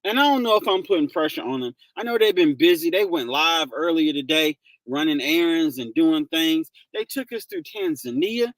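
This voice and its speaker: A man's voice: a little high, animated, normal speed, hardly any pauses, a bit bright, no echo. A man hosting a casual livestream, greeting viewers by name and laughing often. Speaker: livestream host.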